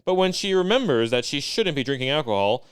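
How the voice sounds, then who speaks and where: Very clear-voiced man ranting on a podcast. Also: on the high side, expressive, no room sound, studio quality. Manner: profane, riffing, rapid-fire ranting. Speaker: podcast co-host. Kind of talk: casual comedy podcast chat.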